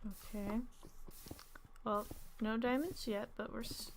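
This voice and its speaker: A young woman chats casually while streaming a game, rambling and giggling with plenty of fillers. Her voice, which she calls alto, is a little high and steady in tone, and she takes it slowly. There's slight background noise.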